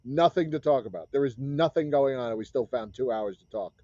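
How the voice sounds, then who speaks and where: A man's voice: mid-range voice, fairly quick, dark tone, dry recording, dull audio. A man co-hosting a casual talk show with easygoing, wry remarks. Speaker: co-host. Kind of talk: casual chat.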